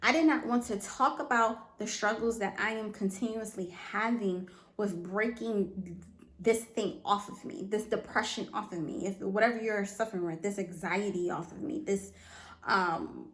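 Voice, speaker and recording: A woman's voice: medium pitch, normal speed, fairly bright tone. Earnest woman podcaster in an echoey room. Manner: earnest, emphatic, repeats phrases, asks the listener if they understand. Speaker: podcast host. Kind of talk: motivational solo podcast talk.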